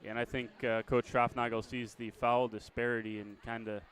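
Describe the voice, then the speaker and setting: A man calling a high school basketball game play-by-play, chatty and quick to correct himself with a small laugh. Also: little pitch movement, a bit bright. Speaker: play-by-play announcer.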